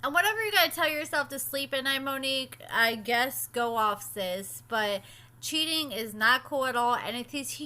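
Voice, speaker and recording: A woman's voice: sits high, sharp tone. A young woman casually recapping and commenting on a reality show, chatty and opinionated with sassy asides.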